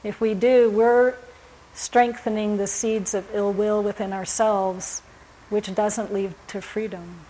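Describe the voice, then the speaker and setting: A woman giving a Buddhist dharma talk, speaking in a gentle, reflective way with frequent pauses and fillers. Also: mid-range voice, fairly even intonation, a little hiss or hum, rough recording. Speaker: Buddhist teacher.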